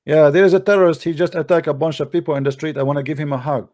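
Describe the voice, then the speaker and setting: A man's voice: on the high side, steady tone, rapid-fire, darkish tone. A man with an Arabic accent hosting a combative commentary, talking in broken English and scolding his critics. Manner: combative, scolding, non-native grammar. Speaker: host. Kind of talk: polemical commentary.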